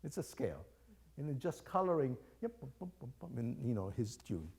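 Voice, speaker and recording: A man's voice: mid-range voice, sing-song, fairly quick, creaky, a little mellow, husky. An older man leading a music master class, coaching young players and singing phrases aloud to show them. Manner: sings phrases aloud to demonstrate, encouraging and playful. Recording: faint music behind the voice. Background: chamber music playing.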